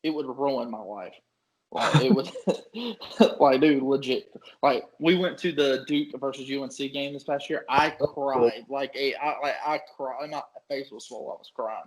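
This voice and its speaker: Excitable young guy talking sports. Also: mid-range voice, measured pace, poor audio. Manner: excitable, laughs often, swears casually. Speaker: podcast co-host. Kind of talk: casual sports chat.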